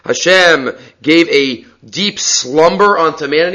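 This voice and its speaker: A man teaching a Talmud text study, an animated storyteller who acts out quotes and often restarts his sentences, on slightly dull lo-fi audio. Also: fairly high pitch, takes it slowly. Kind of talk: lively text study lecture.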